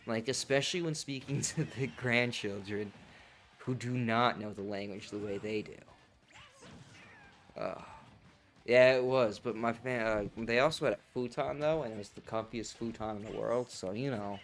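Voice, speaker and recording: A young man streaming, chatting casually and profanely over a game tournament, rambling in an animated way. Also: mid-range voice, normal speed.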